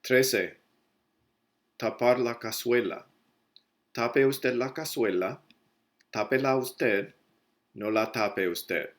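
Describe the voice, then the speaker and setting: Speaking slowly and pausing often, a man with a mid-range voice teaches Spanish grammar in a recorded lesson. He goes step by step and corrects himself partway through sentences.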